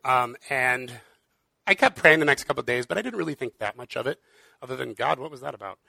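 A man's voice: medium pitch, animated, a little fast, creaky, sharp tone, dry recording. A man preaching in an earnest, conversational way, with frequent fillers. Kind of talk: casual sermon.

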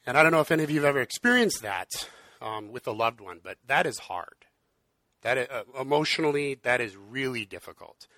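A man's voice: mid-range voice, sing-song, brisk, pushed and bright, no room sound. A man preaching in an earnest, conversational way, with frequent fillers. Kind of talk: casual sermon.

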